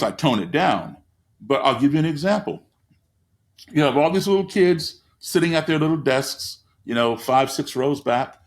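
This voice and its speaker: A man's voice: mid-range voice, gravelly. A man telling stories as a guest in an interview, speaking with an emphatic, repetitive cadence from his living room over a video call. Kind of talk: storytelling in an interview.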